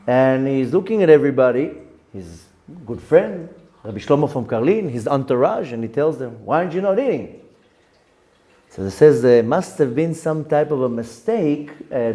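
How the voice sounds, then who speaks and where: A man giving a Torah lesson as a rabbi, telling a story in a lively way, repeating words and acting out the lines of the people in it. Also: medium pitch, normal speed. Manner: animated, repeats words, acts out quotes in the story.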